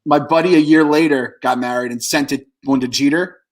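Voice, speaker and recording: Laid-back, slightly high-voiced male co-host. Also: fairly even intonation, brisk, rough recording. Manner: laid-back storytelling with swearing. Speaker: podcast co-host. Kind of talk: casual chat.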